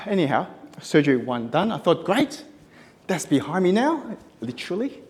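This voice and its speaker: A man with a high, darkish voice delivers a humorous contest speech on a conference hall stage, his pitch swooping wildly at a normal speed. He's punchy and self-mocking with tight comic timing, and the hall sounds echoey.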